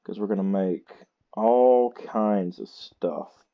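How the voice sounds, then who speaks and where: Guy hosting a gaming channel, unhurried tired chatter, slightly dull mic. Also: lowish voice. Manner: slow, chatty and self-mocking. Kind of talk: casual gameplay commentary.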